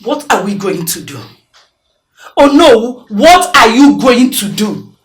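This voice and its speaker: An actress playing a scornful, scheming wife urging bribery, speaking with a Nigerian accent. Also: female voice, fairly high pitch, sing-song, slow. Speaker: politician's wife.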